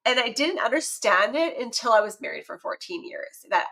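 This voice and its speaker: Talkative woman around forty, podcast guest, animated storyteller who laughs often. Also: a little high, fairly quick, creaky, rough recording. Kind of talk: casual podcast conversation.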